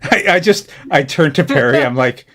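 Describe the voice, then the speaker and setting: A man playing in a tabletop role-playing game, joking and firing off quick questions. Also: a little high, lively intonation, sharp tone. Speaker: player. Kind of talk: casual tabletop game banter.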